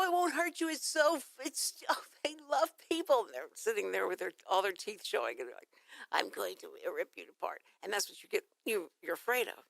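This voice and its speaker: Texan woman, radio talk host, lively swooping pitch, dry close studio sound, acts out her own stories. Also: no room sound. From Texas. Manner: animated storytelling, acting out phone calls. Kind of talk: casual radio chat.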